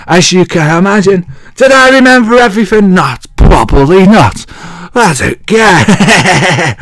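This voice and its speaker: A man's voice: on the high side, creaky, fairly bright tone, no room sound, clean studio sound. An English man hosting a wrestling show, recapping in a cheeky, rambling way and often losing his place as he thinks aloud. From England.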